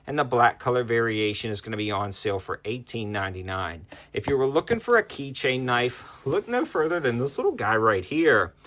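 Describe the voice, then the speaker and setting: A man running through a list of knife deals, reeling off prices and features in a quick, upbeat sales-style patter. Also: mid-range voice, bright, forceful tone. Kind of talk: product deal rundown.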